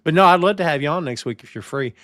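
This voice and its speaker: A man's voice: on the high side, animated, quick pace, a bit bright, dry recording, studio quality. A man hosting a live-streamed wrestling podcast, talking in a playful, theatrical way and greeting chat viewers. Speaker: podcast host.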